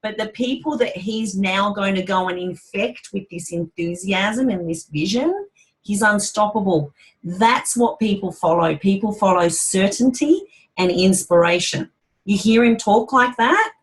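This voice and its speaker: A woman's voice: mid-range voice, lively intonation, unhurried, rough recording. Upbeat woman hosting a team call. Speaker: call host.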